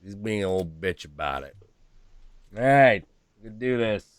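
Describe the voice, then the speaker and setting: A man streaming casually, profane and animated, acting out animal voices as he talks. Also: on the low side, moderate pace, clean tone. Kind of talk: casual chat.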